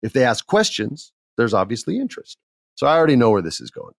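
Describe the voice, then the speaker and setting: A middle-aged man hosting a podcast, telling a work story in a candid, animated way and acting out what others said. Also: mid-range voice, fast, gravelly, dry recording, clean studio sound. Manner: candid, animated, acts out quotes in others' voices. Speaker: podcast host. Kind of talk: casual storytelling monologue.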